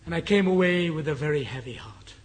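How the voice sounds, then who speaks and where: An older English preacher delivers a sermon with a husky, slightly breathy voice that sits a little high for a man. He speaks earnestly and often sinks into a hushed, whispered tone. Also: animated, fairly quick. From England. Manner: earnest, drops to a hushed whisper for the dying man's words. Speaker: guest preacher. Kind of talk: sermon with a personal story.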